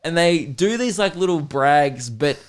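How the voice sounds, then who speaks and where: A man's voice: on the high side, expressive, unhurried. Profane, laughing young male podcast host. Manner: profane, laughing, mock-outraged. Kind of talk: casual comedic storytelling.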